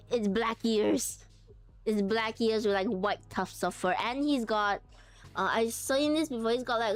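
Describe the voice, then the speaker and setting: A young woman streaming live, chatting casually and thinking aloud with giggles as she works on a craft. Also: medium pitch.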